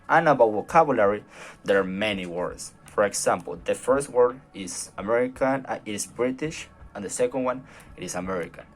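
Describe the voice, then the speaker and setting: A man with a Colombian Spanish accent, a native Spanish speaker, giving a hesitant class presentation with many fillers and restarts. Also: fairly low pitch. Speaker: student presenter.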